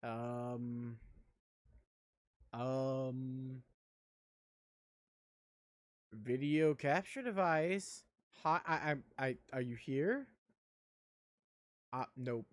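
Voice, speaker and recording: A man's voice: medium pitch, drawn-out words, long pauses, dry recording, clean studio sound. A man streaming a video game live, chatting in a joking, rambling way. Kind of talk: casual live-stream chat while gaming.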